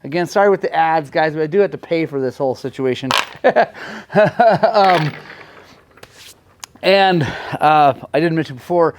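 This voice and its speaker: Guy vlogging from his garage, kinda high voice, talks slow, gets super worked up. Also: noisy background. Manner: excitable, swings from frustrated to elated. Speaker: motorcycle vlogger. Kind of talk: casual garage vlog.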